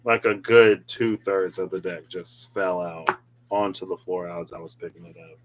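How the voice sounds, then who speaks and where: A man's voice: deep voice, fairly even intonation, normal speed, background noise. A man chatting casually through a tarot reading, rambling, laughing often and talking to himself as he goes. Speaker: tarot card reader.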